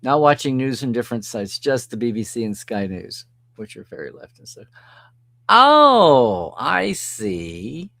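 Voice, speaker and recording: A man's voice: medium pitch, sing-song, measured pace, vocal fry, sharp tone, no echo. Male live-stream host, casual, answers chat, dry close sound. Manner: chatty, reads and answers comments, chuckles often.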